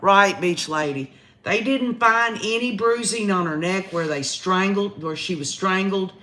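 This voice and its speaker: Bright-voiced Southern woman chatting live. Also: mid-range voice, a little slow. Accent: Southern American. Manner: chatty, talks straight to viewers with "y'all". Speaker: livestream host. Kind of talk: casual live commentary.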